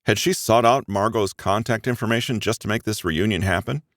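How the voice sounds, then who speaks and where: A man narrating a first-person romance audiobook in an expressive, even storytelling manner. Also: lowish voice, fairly quick, dry recording, clean studio sound.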